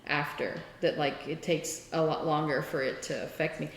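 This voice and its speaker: A woman's voice: deep voice, fairly even intonation, moderate pace. A woman co-hosting a casual crafting podcast, telling a story in a chatty way and acting out the people she quotes. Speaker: podcast co-host. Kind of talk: casual chat. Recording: roomy with long reverb.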